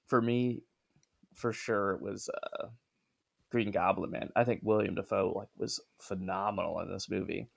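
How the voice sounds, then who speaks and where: A man's voice: on the low side, fairly even intonation, moderate pace, vocal fry. A man in casual chat, giving his opinions in a loose, rambling way.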